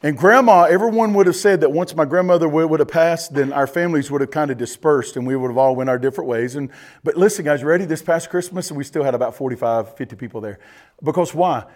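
Man, pastor, high voice, sermon, emphatic swings from loud to hushed. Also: fast talker. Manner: preaching with emphatic rises and drops, addressing the congregation directly.

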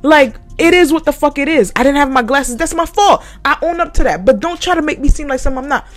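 A woman's voice: sits high, animated, fast, faint music behind. A young woman vlogger telling a story about work in a blunt, profane, emphatic way. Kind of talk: casual storytime monologue.

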